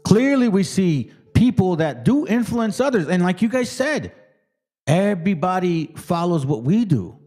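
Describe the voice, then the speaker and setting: A man's voice: high voice, sing-song, unhurried, mellow. A man hosting a Bible study commentary, emphatic and streetwise, who keeps checking in with the listener. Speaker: host.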